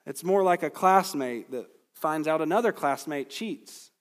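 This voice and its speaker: A man's voice: fairly high pitch, lively intonation, a little slow, long reverb tail. A man preaching an expository sermon in an earnest, emphatic way, with his voice climbing at points of stress. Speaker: pastor.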